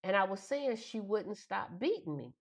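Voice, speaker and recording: A woman's voice: medium pitch, very animated, normal speed, breathy edge. A middle-aged woman, emotionally retelling a childhood memory and acting out the voices in it. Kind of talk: personal storytelling.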